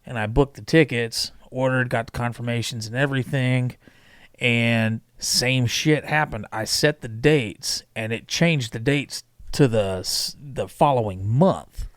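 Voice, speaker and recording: A man's voice: mid-range voice, a little slow, dry recording, studio quality. A married man on a podcast casually retelling a booking mishap, with plenty of cursing. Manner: laid-back, profane retelling of a mishap. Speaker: podcast co-host.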